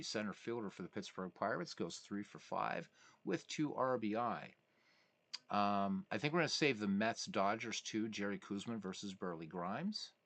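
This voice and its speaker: A man hosting a casual live stream of a baseball sim, calling results and chatting with viewers as he reads their messages. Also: on the low side. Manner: chatty, reads chat messages aloud, excitable asides. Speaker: livestream host playing a baseball sim.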